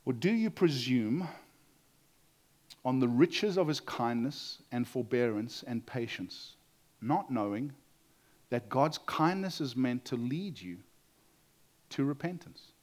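A man preaching a sermon in an earnest way, acting out quoted voices and dropping to a quiet voice to stress a point. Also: mid-range voice, animated, takes it slowly, long pauses. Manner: earnest, acts out quotes, drops to quiet for emphasis.

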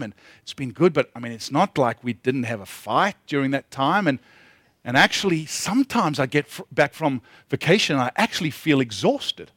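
A man's voice: fairly high pitch, fairly bright tone, husky, no room sound, clean studio sound. A middle-aged man giving a conversational sermon as a pastor, humorous and self-deprecating, with frequent restarts and repeated words.

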